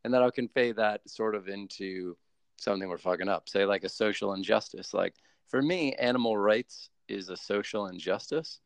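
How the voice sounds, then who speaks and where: An American man chatting as a podcast guest, animated and laughing often, with lots of fillers and restarts. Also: on the low side, moderate pace, vocal fry, no room sound. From United States. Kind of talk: casual chat.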